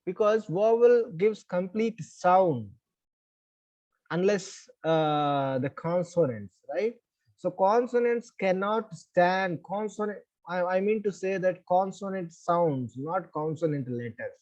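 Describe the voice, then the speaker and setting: A man's voice: high voice, expressive, a little mellow, lo-fi sound. A man with an Indian English accent, teaching an online class, explaining step by step and checking in with students. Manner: repeats "right?" as check-ins, measured explaining.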